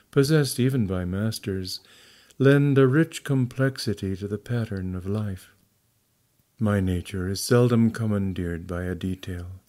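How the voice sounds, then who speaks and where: A man reading a memoir aloud as an audiobook narrator, in a measured, deliberate style. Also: fairly low pitch, dark tone. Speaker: audiobook reader.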